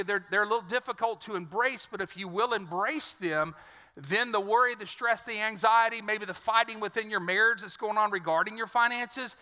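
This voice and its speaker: Man, pastor, earnest sermon, chatty, very bright tone, long church-hall reverb. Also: sits high. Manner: earnest, conversational preaching with repeated words.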